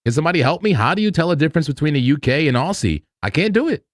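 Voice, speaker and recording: A man hosts a live crypto trading stream in a casual, excitable way, often repeating himself and breaking into loud laughs. His pitch swings widely from low mutters to high outbursts. The sound is dry and close, with no room around him. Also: very fast, no room sound.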